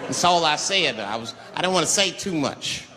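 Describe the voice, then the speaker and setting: A man doing stand-up, telling a profane story and acting out the characters with wild shouts. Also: on the high side, animated, normal speed. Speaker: stand-up comedian. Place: comedy venue with live audience. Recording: live stand-up recording with crowd noise. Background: audience laughter.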